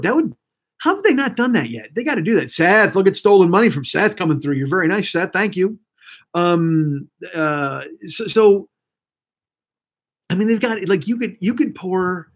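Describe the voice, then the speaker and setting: A man's voice: a little high, husky. A man in his forties rambling profanely to a live-stream audience, restarting sentences often. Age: 40s.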